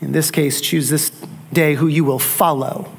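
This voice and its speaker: A man's voice: fairly high pitch, fairly even intonation, a little slow, vocal fry, husky. A man. He drives his points home by repeating key phrases and asking the congregation rhetorical questions. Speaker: pastor. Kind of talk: sermon.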